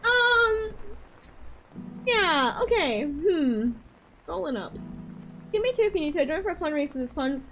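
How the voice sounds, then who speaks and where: A woman with a Georgia accent chatting casually with her live-stream audience and doing tarot readings, excitable and playful. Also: extremely high pitch, measured pace, long pauses, poor audio. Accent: Southern US, Georgia. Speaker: livestreamer.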